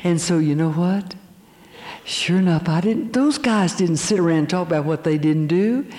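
Older woman, lively testimony speaker, voice ringing through a big hall. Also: lowish voice, normal speed. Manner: animated storyteller acting out voices. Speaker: speaker giving her testimony. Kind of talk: storytelling testimony to an audience. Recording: long hall reverb.

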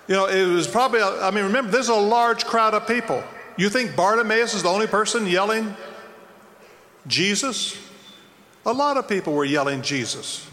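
In a hall with long reverb, a man with a high, bright, forceful voice delivers an evangelistic sermon. He tells the story dramatically, acting out the quotes at a measured, expressive pace with long pauses. Faint noise lingers in the background.

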